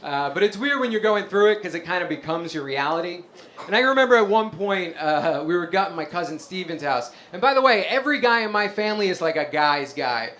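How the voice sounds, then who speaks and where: A man from Staten Island doing a stand-up comedy set in a club, wry with deadpan asides. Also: sits high, fairly quick. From Staten Island, New York.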